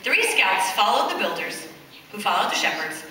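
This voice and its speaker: A woman reading a picture book aloud to children in a church, pausing to ask them questions. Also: mid-range voice, slight background noise. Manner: animated, questions the children as she reads. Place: church, large indoor space. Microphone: far camcorder. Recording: echoey church hall from far off.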